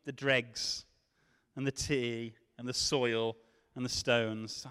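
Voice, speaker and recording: A man preaching a sermon, swinging from loud questions to hushed tones. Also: mid-range voice, flat delivery, takes it slowly, clear, resonant tone. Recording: long hall reverb.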